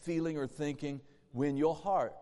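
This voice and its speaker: A man's voice: fairly high pitch, steady tone, measured pace, dark tone. A man preaching a sermon in a church, emphatic and repetitive, acting out bursts of laughter. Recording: long hall reverb in a church.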